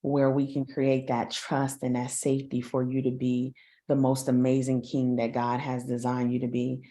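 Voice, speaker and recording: Woman panelist, extremely low monotone voice, slow earnest reading. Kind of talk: reading a heartfelt statement.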